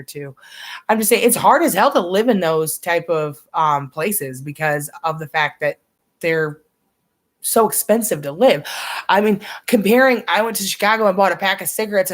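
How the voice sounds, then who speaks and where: A young American woman with a low-ish voice chats casually on a live reaction stream. She rambles, restarts her sentences, and swears often.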